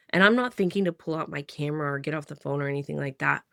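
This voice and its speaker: Woman, 30s, vlogger; gravelly fry, dry close sound, rambling conversational storytelling. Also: low-pitched, fairly even intonation, racing, hardly any pauses, no echo. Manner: chatty, full of "like", restarts and sighs. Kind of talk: personal storytelling to camera.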